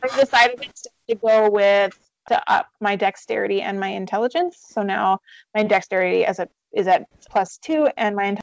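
A woman's voice: medium pitch, normal speed, vocal fry, no echo. Chatty woman player on dull dry audio. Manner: rambling, self-correcting, chatty. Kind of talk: casual chat about her character.

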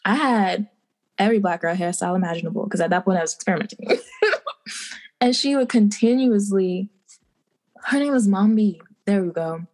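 A young woman from the Bahamas, a podcast guest, chatting casually and telling animated stories with acted-out quotes and frequent laughter. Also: mid-range voice, moderate pace, long pauses. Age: young adult. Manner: animated storytelling, acting out quotes, laughing often. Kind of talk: casual interview chat.

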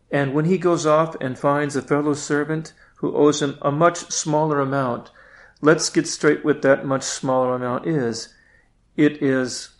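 A male priest giving a reflective prayer meditation, at times speaking directly to Jesus. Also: mid-range voice.

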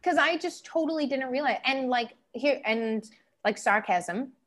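Woman from canada, casual anecdotes, lively delivery, leaps into a higher voice when quoting people, laughs a lot, slightly high-pitched. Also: unhurried. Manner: animated, acts out quoted people in higher voices, laughs often. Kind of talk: casual storytelling chat.

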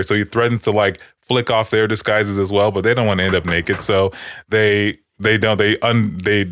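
A man's voice: on the low side, level tone, normal speed, fairly bright tone, no room sound. Guy rambling about a movie, lots of "you know"s, dry close mic. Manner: rambling, swearing, frequent fillers. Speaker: podcast co-host. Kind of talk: casual movie discussion.

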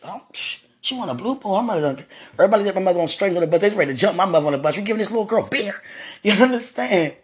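Woman, podcast host, casual storytelling, husky, frequent laughter, faith talk. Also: medium pitch, expressive, very fast. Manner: laughs often, chatty, faith-filled testimony.

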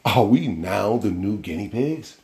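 Low-voiced man rambling on a podcast. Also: expressive, unhurried, a little mellow, roomy sound. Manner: loose, rambling storytelling with slang and cursing. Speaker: podcast host. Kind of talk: casual solo podcast monologue.

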